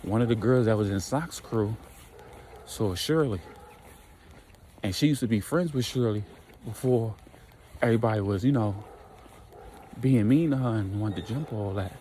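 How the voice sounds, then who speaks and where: Man storyteller, slangy casual retelling, mellow dark tone, faint ambience. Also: on the low side, moderate pace, pauses often, slight background noise, low-quality recording. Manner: slangy, conversational, retells with quoted voices.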